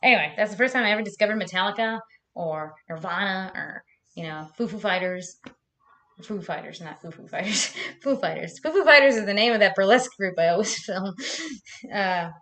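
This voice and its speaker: A woman's voice: mid-range voice, expressive, brisk, sharp tone. Young woman streamer, casual chat, laughs a lot, swears, rambling. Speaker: live streamer.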